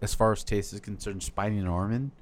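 A man's voice: lowish voice, fairly even intonation, a little fast. A young man in casual chat, easygoing and rambling as he ranks beers.

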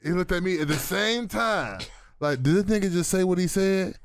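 A man in casual chat, excitable and jumping in to interrupt. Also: sits high, normal speed, clear, resonant tone, dry recording, studio quality.

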